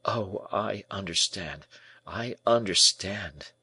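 A man's voice: on the low side, lively intonation, a little slow, fairly bright tone, no echo, pitched above the performer's own voice. A man voicing a young male prisoner who speaks in pleading, despairing tones in an audiobook.

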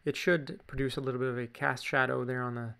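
A man's voice: mid-range voice, little pitch movement, fast talker, creaky, bright, forceful tone. A man with a Canadian accent, chatting casually through a drawing tutorial with jokey asides. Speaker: drawing teacher.

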